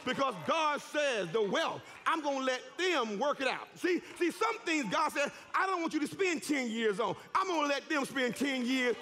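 A man preaching a sermon in a church, fervent and shouting with emphatic repetition. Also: extremely high pitch, expressive, normal speed, few pauses, some chatter behind. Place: church sanctuary.

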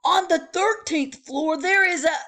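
A woman's voice: fairly high pitch, big pitch swings, slow, pitched above the performer's own voice. Woman doing a polite, fretful bellhop. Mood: warning. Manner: courteous, warning, hushed at times.

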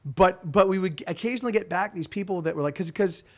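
A man's voice: high-pitched, fast. A man hosting a casual live stream, telling rambling, profane stories with lots of restarts.

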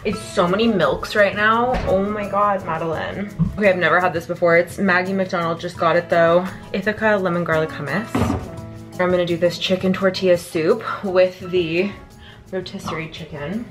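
With soft music in the background, a young woman vlogs about her lifestyle at home, in the kitchen and indoors. Her fairly low voice is steady and moderately paced, and she's casual, self-deprecating and full of fillers.

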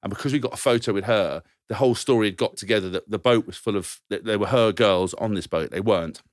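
A rapid, low-voiced man spins a rowdy story, laughing through his lines and swearing as he acts out the other voices. The sound is close and dry, like a podcast studio mic. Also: dry recording. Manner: lively anecdotes, swearing, laughing mid-sentence, acts out quotes. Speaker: podcast co-host. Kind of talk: casual storytelling chat.

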